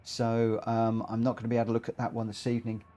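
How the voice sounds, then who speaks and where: Excitable rambling man streaming. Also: medium pitch, fast talker. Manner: excitable and rambling, stumbles over words. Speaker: live stream host. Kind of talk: live racing game commentary and chat.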